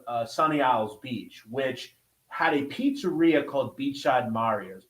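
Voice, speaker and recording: A man hosts a podcast at a mid-range pitch, retelling history as loose, chatty storytelling. He swears casually and keeps checking in with his listeners. His voice rings with a noticeable room echo. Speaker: podcast host. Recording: roomy echo.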